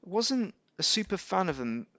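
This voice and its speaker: A man's voice: high voice, very animated, a little slow, fairly bright tone. A man giving casual, rambling gameplay commentary as a YouTuber, correcting himself and making wry asides. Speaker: gaming YouTuber.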